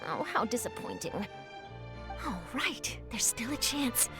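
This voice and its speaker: A woman's voice: on the high side, expressive, unhurried. A woman voicing a nosy, scoop-hungry young female newspaper reporter with theatrical, gossipy asides. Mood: eager. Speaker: journalist. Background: game music.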